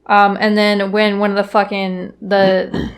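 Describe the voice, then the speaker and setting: A woman's voice: medium pitch, completely flat delivery, a little slow. Swearing young woman podcast co-host. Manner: swears often, quotes movie lines in silly voices. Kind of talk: casual chat.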